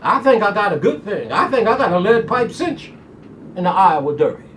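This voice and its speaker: A man's voice: high-pitched, sing-song, a little fast, a little hiss or hum. A man hosting a horse racing preview show from a studio, fired up and folksy, telling himself to simmer down. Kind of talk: excitable folksy race preview monologue. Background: soft jazz music.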